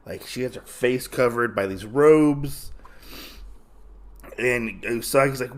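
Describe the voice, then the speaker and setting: A man's voice: mid-range voice, normal speed. A man hosting a podcast who retells a comic's story in a casual, rambling way, full of fillers. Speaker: podcast host.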